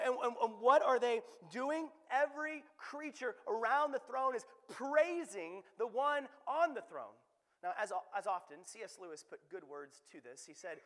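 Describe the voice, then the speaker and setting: A man in his thirties from Alaska, preaching a sermon in an animated, conversational way that swells loudly when he gets excited. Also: extremely high pitch. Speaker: pastor. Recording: long hall reverb.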